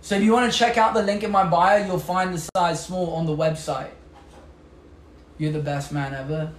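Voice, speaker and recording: A man's voice: high voice, fairly even intonation, normal speed. Chatty young British man, roomy live stream. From England. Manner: chatty, upbeat, reads out and answers viewer comments. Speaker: livestream host. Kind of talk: casual live-stream product showcase. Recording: echoey room with faint background noise.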